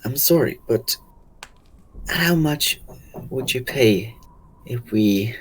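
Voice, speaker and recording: A man playing a tabletop game speaks in character, polite and diplomatic. His voice is husky, with a mid pitch, and he measures his words. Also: animated, slow pace, rough recording. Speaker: player. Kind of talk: in-character role-play.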